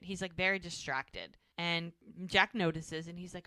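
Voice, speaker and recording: Woman co-host recapping episodes, bright voice, dry close sound, keeps acting out lines. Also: lowish voice, normal speed, few pauses, dry recording. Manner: animated retelling, jumps between quoted voices. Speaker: podcast co-host. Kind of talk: casual recap chat, acting out quoted lines.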